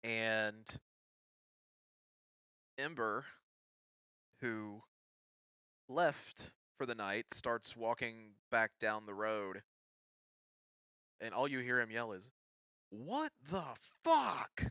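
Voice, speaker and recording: Slow, bright-voiced male game master. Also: fairly low pitch, fairly even intonation, clear, resonant tone, dry recording, highs cut off. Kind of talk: narrating a tabletop game.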